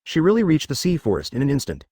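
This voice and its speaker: A man's synthetic voice narrating a fan fiction story in a steady machine read. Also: on the high side, quick pace, husky, dry recording, studio quality.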